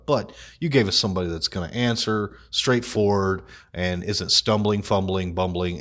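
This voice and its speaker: A man with a lowish voice talks through a casual commentary vlog. He swears freely, cracks crude jokes and laughs at his own humor as he goes. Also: fairly bright tone. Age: adult. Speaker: vlog host.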